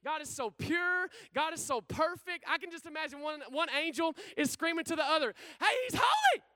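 High-voiced energetic male preacher. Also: brisk. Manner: energetic, call-and-response with the congregation; casual slang-filled preaching. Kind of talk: sermon.

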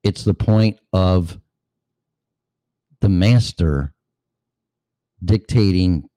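In this opinion monologue, a man hosting a show rants with sarcasm and profanity, occasionally breaking into impressions of other people mid-rant. He has a low, warm voice and talks very slowly. There's no room sound at all.

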